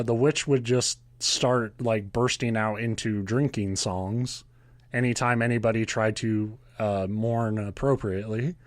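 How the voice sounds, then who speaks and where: A man's voice: medium pitch, dry recording. Sarcastic, swearing male podcast host. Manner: sarcastic, profane, laughs often. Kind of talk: casual storytelling chat.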